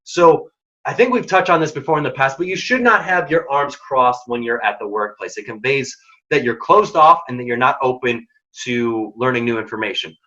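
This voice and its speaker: Man, career workshop presenter, emphatic, casual, bright forceful voice, dull lo-fi sound. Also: mid-range voice. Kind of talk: career advice talk. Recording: dull lo-fi recording.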